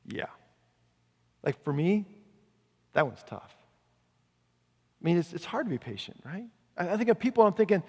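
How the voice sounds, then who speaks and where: A man preaching a sermon in a casual, conversational way, slowing down to read scripture aloud. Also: fairly high pitch, expressive, a little mellow. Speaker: pastor. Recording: long reverb of a large hall.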